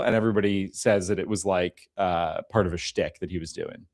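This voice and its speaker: Low-voiced rambling male podcast host. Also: a little fast, darkish tone. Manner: rambling, full of "like" fillers. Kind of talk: casual chat.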